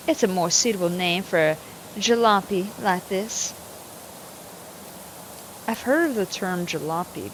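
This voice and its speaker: A woman streamer playing a game, reading its text aloud slowly and adding dry, wry asides. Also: medium pitch, a little hiss or hum, rough recording.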